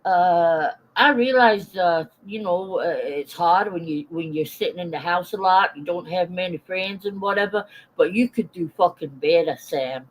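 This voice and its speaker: A woman's voice: on the low side, normal speed, rough recording. Blunt, swearing woman in her forties. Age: 40s. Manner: greets chat viewers mid-rant. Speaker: YouTube live streamer. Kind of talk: casual live-stream rant.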